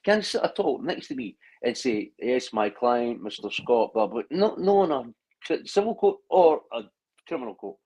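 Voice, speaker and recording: A man's voice: on the high side, very animated, normal speed, warm tone, husky, rough recording. A man in a casual online chat, talking in long rambling stretches with frequent restarts and blunt swearing. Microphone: video call.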